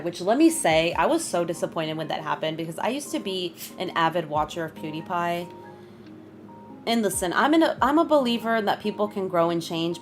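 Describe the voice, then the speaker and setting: Young woman streaming and chatting w chat, voice jumps around a lot, bit of music behind. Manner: chatty, greets chat, bursts of high laughter. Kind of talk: casual live-stream chat.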